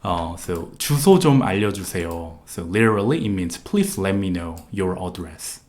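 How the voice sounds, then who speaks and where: A man's voice: low-pitched, sing-song, fast, darkish tone. A man with a Korean accent, a native Korean speaker, teaching a live online language lesson with patient, repetitive explanations and frequent "uh" fillers.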